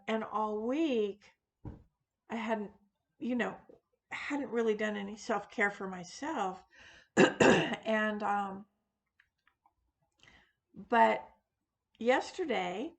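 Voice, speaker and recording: Woman host, unscripted chat to camera, unhurried delivery, lots of ums and self-corrections. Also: mid-range voice, gravelly. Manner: rambling, frequent fillers and restarts, self-deprecating. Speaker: witchcraft video host; teacher of classes. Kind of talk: casual unscripted monologue.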